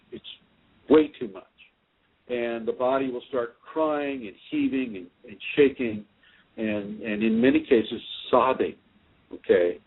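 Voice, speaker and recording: On a spiritual radio show, a male host answers listeners' questions, speaking directly to them and offering reassurance. His mid-range voice carries vocal fry and a breathy edge over tinny phone-line radio audio.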